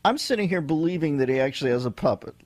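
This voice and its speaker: A man hosting a radio talk show, wry and quick with his guest. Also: on the high side, animated, a little mellow, no room sound. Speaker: radio host. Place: radio studio.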